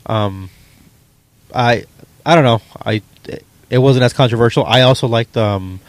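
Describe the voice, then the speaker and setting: A man's voice: mid-range voice, measured pace, no echo. Guy rambling casually with lots of ums, dry close sound. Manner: hesitant, many ums and restarts. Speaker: podcast co-host. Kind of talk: casual chat about movies.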